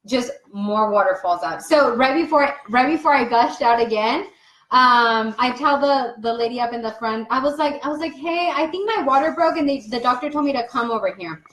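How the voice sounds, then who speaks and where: A young woman telling a story in casual chat, animated and laughing as she acts out what people said. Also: a little high, normal speed. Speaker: co-host. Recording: echoey room.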